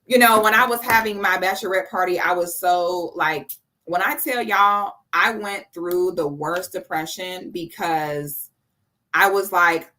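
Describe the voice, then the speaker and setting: A woman's voice: on the low side, measured pace, pushed and bright. A woman in her thirties hosting a casual live stream, effusive and chatty, reading out viewers' messages and thanking them by name. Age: 30s.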